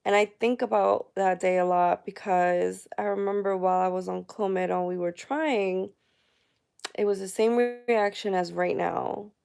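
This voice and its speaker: A woman in her thirties talks openly to her followers in a personal vlog at home, emotional and chatty. Her voice has a gravelly fry, yet the words come out smooth and clear. She speaks slowly, taking her time. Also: medium pitch, fairly even intonation, a little mellow. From United States. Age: 30s. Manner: candid, emotional, chatty with many fillers. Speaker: vlogger. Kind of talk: personal vlog talking to viewers.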